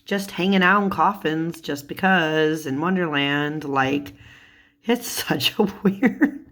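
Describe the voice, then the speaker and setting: In a laid-back vlog about tarot cards, a woman with a low, slightly bright voice talks slowly. She giggles a lot, laughs often as she chats, and swears casually.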